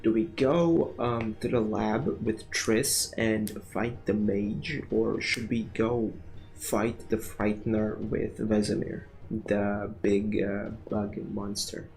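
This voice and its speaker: A man's voice: lowish voice, fairly even intonation, slow, creaky, a little mellow, faint music behind. A man streaming a video game, chatting to viewers with crude jokes and rambling commentary. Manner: rambling with fillers and restarts. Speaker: gaming streamer. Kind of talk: casual let's-play commentary.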